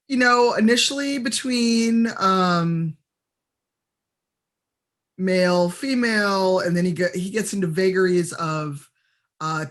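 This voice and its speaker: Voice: medium pitch, fairly bright tone. A game master narrating a tabletop role-playing game in a casual, rambling way, full of fillers.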